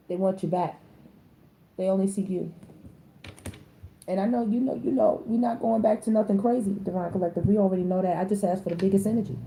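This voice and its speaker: Woman with doing a tarot reading, super dark mellow voice, blunt slangy talk, faint hiss behind. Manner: animated, slangy, blunt, with sudden high-pitched exclamations. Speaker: tarot reader. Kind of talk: casual spoken tarot reading.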